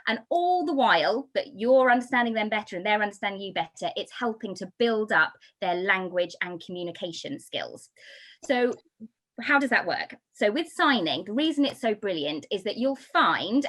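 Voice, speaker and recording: A woman from the United Kingdom giving a talk on baby sign language, explaining with lively, sing-song emphasis. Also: mid-range voice. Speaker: baby signing instructor. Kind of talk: talk to an audience.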